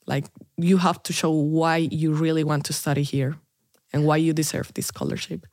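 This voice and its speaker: A woman's voice: deep voice, steady tone, normal speed, darkish tone, dry recording, studio quality. A Colombian-born woman in her twenties, a native Spanish speaker, chatting casually as a podcast guest, laughing often and using lots of fillers. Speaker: interview guest, international student. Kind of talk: casual interview chat.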